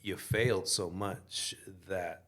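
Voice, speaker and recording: This is a man in his forties from Chicago, chatting as a podcast guest with a fairly low voice. He talks in a relaxed, reflective way, peppering his thoughts with "you know". His manner stays easygoing and conversational. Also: slow. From Chicago, USA. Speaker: podcast guest, actor and theater director. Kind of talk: casual interview chat.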